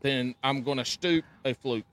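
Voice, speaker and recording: A man's voice: medium pitch, normal speed, a bit bright. A man co-hosting a casual fishing podcast, talking emphatically and ribbing the others.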